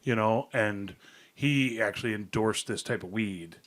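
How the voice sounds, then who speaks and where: A man's voice: lowish voice, unhurried, fairly bright tone. A man co-hosting a casual podcast, meandering through made-up stories with lots of ums and uhs. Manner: meandering, tells made-up stories with many fillers. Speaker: podcast co-host. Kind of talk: casual rambling chat.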